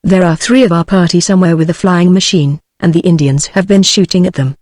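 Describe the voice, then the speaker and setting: A woman's voice: on the low side, a little fast, darkish tone, no echo, clean studio sound, natural voice. Synthetic woman voice reading a cautious young adventurer. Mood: urgent. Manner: synthetic evenly read speech.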